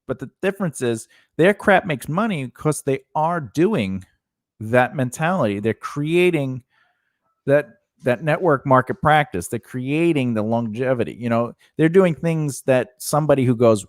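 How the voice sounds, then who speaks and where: A man's voice: mid-range voice, lively intonation, measured pace, no room sound, clean studio sound. A man co-hosting a home podcast, chatting casually in a rambling way and breaking off to talk to his dog. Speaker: podcast co-host. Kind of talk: casual chat.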